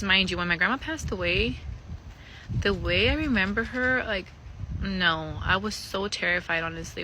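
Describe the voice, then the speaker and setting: A woman in a casual storytime vlog, candidly and profanely retelling an eerie experience in an animated way. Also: lowish voice, heavy background noise.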